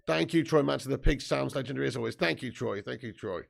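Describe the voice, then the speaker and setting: Freshly awake, a man in his 30s runs a live football watch-along full of swearing and jokes, reading viewer comments aloud while chatting casually and commentating on the match. He speaks quickly at a medium pitch, with noticeable vocal fry.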